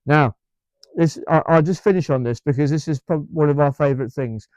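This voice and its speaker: Here a man from England with an English accent talks casually to his vlog camera, his fairly high, slightly mellow voice moving a little fast with no echo. He rambles enthusiastically and emphatically, often restarting and repeating words.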